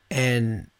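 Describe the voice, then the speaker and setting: A man hosting his own podcast, ranting in a loose comedic monologue with speech, lots of swearing and acted-out quotes. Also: mid-range voice. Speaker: podcast host.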